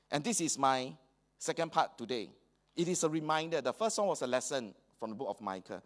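A man's voice: fairly high pitch, lively intonation, moderate pace. A man with a Singaporean English accent preaching a sermon in a church hall, slipping colloquial local phrases into his talk. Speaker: pastor.

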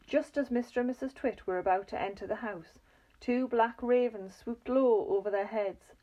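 Children's book reader, woman, fairly high, lively and expressive. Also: normal speed. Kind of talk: reading a children's book aloud.

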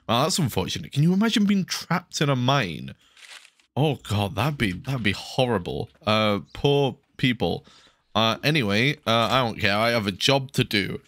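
A man's voice: medium pitch, expressive, normal speed, fairly bright tone, no echo, studio quality. A man giving casual, rambling game commentary, mocking himself and swearing freely. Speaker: gaming channel host.

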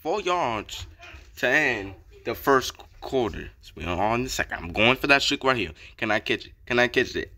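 A young man giving casual commentary over his football video game, slangy and excitable, repeating chants and getting hyped on big plays. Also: mid-range voice, a little fast, hardly any pauses. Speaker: gaming YouTuber. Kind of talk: gameplay commentary.

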